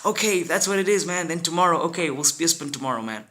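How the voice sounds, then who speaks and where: A man voicing an eager, excitable young male villager. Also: on the high side, quick pace, pitched above the performer's own voice.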